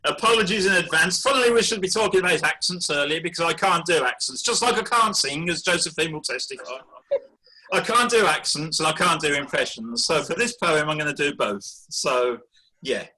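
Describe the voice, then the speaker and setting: Man, bright voice, slightly high, deadpan comic verse, video call. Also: a little fast, low-quality recording. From Birmingham, England. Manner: deadpan, wry delivery of rhyming jokes. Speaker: performance poet. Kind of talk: comic poetry reading.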